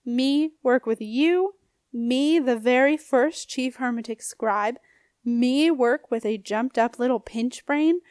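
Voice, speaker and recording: Reading an audiobook, a woman voices a scornful, menacing old male ghost who snaps and growls with a sneering, bullying manner. Her voice is a little high and close to everyday speech at normal speed, in a dry, clean studio recording.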